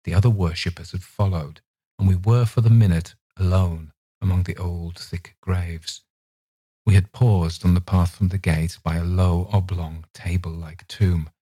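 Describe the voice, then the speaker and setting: A man narrating a literary audiobook in a measured, expressive reading. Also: low voice, slightly rough, dry recording.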